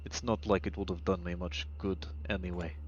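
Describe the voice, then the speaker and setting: A man voicing a weary older back-alley doctor who speaks in a low, muted, guarded way. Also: level tone, brisk, husky. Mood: grim. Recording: muffled lo-fi mic.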